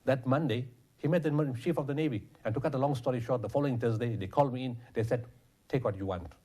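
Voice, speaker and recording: A man's voice: mid-range voice, fast talker, mellow. A man, a guest telling stories passionately in an interview. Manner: passionate, quotes others in dialogue. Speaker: guest, charity founder. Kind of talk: interview storytelling.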